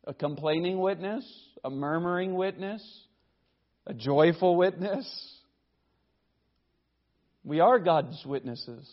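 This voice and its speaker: Higher-voiced man preaching, lo-fi sound. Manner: emphatic, slows and swells on scripture phrases; asks rhetorical questions. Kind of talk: expository sermon reading scripture aloud.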